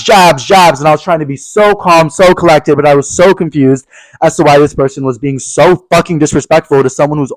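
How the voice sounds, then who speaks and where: A young man co-hosting a podcast, telling a story in casual chat, animated and swearing a lot as he acts out angry quotes. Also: on the high side, no room sound, low-quality recording. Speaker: podcast co-host.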